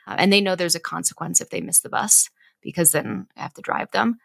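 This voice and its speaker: A woman's voice: medium pitch, a little fast, vocal fry, fairly bright tone, no echo. A woman in her thirties, a podcast co-host and mother, explaining parenting ideas in an earnest, conversational way and often checking in with "right?". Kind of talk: casual parenting chat.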